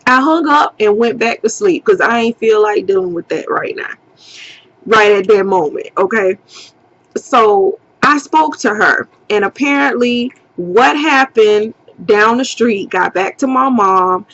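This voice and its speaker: A woman's voice: mid-range voice, a little slow, lo-fi sound. A young woman telling a story casually, swearing freely and acting out what people said. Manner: animated, acts out quotes, swears freely. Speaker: vlogger.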